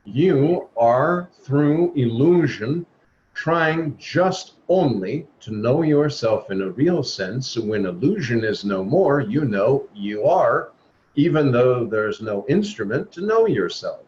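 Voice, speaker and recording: A man's voice: medium pitch, expressive, slow pace, a little mellow. A man leading a spiritual talk over a video call, speaking earnestly and exhorting his listeners. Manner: earnest, exhorting, acts out quoted voices. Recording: dull lo-fi video call audio with faint noise.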